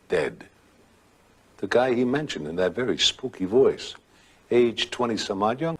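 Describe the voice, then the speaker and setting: An older man tells a ghost story from memory, his voice very deep with a husky grain. He rambles conversationally, pausing for effect and acting out the quotes. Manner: rambling, with dramatic pauses and acted quotes.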